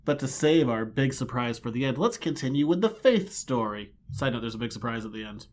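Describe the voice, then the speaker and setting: A man co-hosting a podcast, recapping comics in casual chat with a dry, deadpan manner and acting out the characters' lines. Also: mid-range voice, fairly quick, slight background noise. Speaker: podcast co-host.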